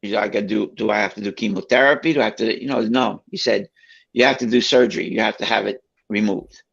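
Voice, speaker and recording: A man with a gravelly voice tells a story in a relaxed, chatty way. He brings it to life by acting out what each person said. The recording sounds a little dull and lo-fi. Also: fairly low pitch, fast. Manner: animated, acts out quoted voices.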